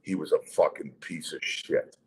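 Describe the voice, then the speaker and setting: Middle-aged man, gravelly-low and husky, blunt profane storyteller guest. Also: normal speed, low-quality recording. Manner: blunt, heavy swearing, animated retelling. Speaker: guest, former pro hockey player. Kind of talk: casual storytelling.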